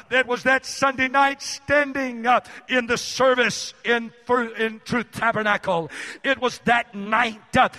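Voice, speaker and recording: High, bright-voiced impassioned preacher. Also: male voice. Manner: impassioned, rising to shouts, with frequent "uh" pauses. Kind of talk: sermon. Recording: echoey hall reverb.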